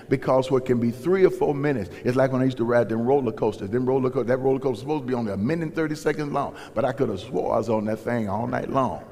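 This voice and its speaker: In a church sanctuary whose large hall adds long reverb, a male pastor delivers sermon storytelling in a homespun, folksy way. He voices the dialogue loudly as he acts it out, speaking in a mid-range voice that's a little mellow.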